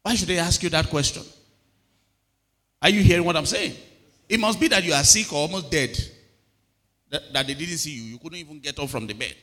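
Bright-voiced preacher man in a hall. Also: on the high side, brisk, long pauses. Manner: preaching with repeated call-outs to the congregation. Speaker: pastor. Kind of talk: sermon.

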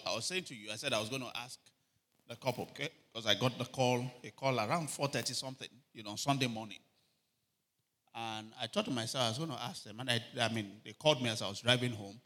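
A man preaching a sermon, telling animated stories and calling for amens. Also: medium pitch. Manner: animated storytelling, shouting quoted cries, frequent calls for amen. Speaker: pastor.

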